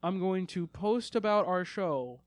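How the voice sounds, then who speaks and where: A man's voice: high voice, animated, measured pace, no room sound, studio quality. A man co-hosting a podcast in loose, rambling casual chat, swearing now and then. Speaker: podcast co-host.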